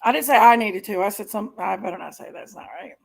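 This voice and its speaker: A woman's voice: mid-range voice, fast, vocal fry. A woman hosting a live stream, reacting to videos with indignant, exasperated commentary to her chat. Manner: indignant, exasperated, keeps apologizing to viewers.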